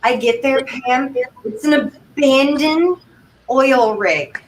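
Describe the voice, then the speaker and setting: A woman from Vermont, a livestream guest, telling rambling stories in a chatty, animated way. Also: high voice, slow. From Vermont, United States. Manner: chatty, rambling, breathless anecdotes with quoted asides. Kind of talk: casual chat, animated storytelling. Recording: distant mic, faint background noise.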